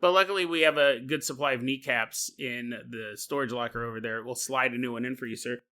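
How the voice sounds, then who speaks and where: A man's voice: mid-range voice, fairly even intonation, a little fast, pushed and bright. A man hosting a podcast, telling a story as a comedic monologue, joking and laughing often. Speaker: podcast host.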